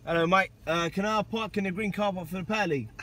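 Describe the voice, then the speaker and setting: A man's voice: high voice, racing, a little hiss or hum, lightly acted. A young man putting on a rural country accent, chatting politely with staff. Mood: cheery.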